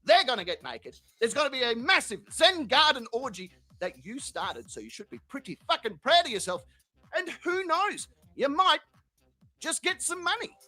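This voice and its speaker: A man's voice: very high voice, very animated, normal speed, bright, forceful tone, no room sound. A man hosting a comedy show, telling crude, profane, rambling stories. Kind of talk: crude comic monologue.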